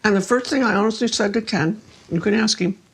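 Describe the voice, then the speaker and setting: An older woman, a guest, telling personal stories in an expressive conversational way and acting out the words she quotes. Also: medium pitch, fast talker, breathy edge. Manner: expressive, acts out quoted speech. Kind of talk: conversational storytelling.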